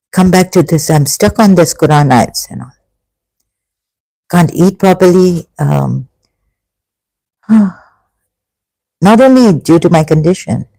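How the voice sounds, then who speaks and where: A vlogger talking through an emotional personal monologue, halting and sighing, with frequent restarts, stopping to read passages aloud. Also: medium pitch, gravelly, warm tone, no room sound, rough recording. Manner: reads passages aloud between remarks.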